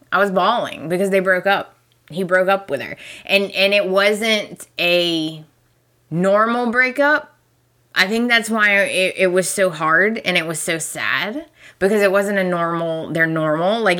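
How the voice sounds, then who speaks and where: A woman's voice: on the low side, sharp tone. A woman hosting a podcast, chatting casually and emphatically as she recaps a soap opera, often laughing. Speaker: podcast host.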